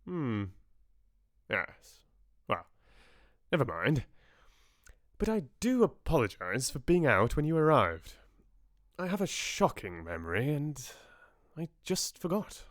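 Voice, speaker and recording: A man's voice: mid-range voice, big pitch swings, slow, long pauses, dry recording, clean studio sound, pitched above the performer's own voice. A man voicing a tall, thin, easygoing English country vet with an English accent, speaking offhandedly. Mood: relaxed. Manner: offhand, apologetic.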